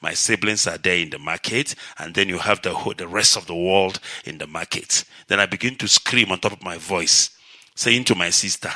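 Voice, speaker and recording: Man from Nigeria, middle-aged, radio host, call-in talk, lecturing, forceful tone. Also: sits low, dry recording. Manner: measured, lecturing, explains with analogies.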